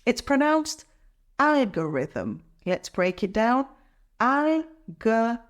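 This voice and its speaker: A woman gives an English pronunciation lesson at an unhurried pace. Her pitch rises and falls in a lively way. She draws out each syllable carefully so learners can repeat after her. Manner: careful, drawn-out syllables for practice. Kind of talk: slow, clear pronunciation lesson.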